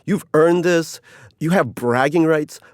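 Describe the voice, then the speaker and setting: In a clean, dry studio recording, a middle-aged writer discusses his cruise article in a wry, rambling interview, laughing often and putting on mock voices when quoting. He has a fairly high voice and speaks a little slowly.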